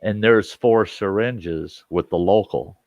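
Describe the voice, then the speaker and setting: Low-voiced man spinning a rough story. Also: slow, no echo, highs cut off. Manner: animated anecdote with acted-out quotes. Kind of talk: casual storytelling.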